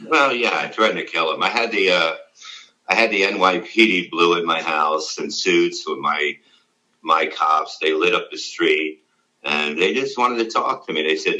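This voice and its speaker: Deep-voiced middle-aged guy, bright edgy tone, swears a lot, rambles through stories. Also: moderate pace, rough recording. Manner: blunt, profane, rambling storytelling. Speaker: interview guest, former radio show staff. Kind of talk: casual interview.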